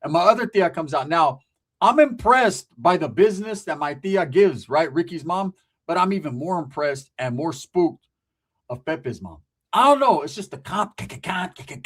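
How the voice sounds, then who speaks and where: A male host talks in a high, lively voice. He tells a comic family story in a casual, slang-heavy, profane way. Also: normal speed, slightly rough. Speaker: comedic storyteller, channel host.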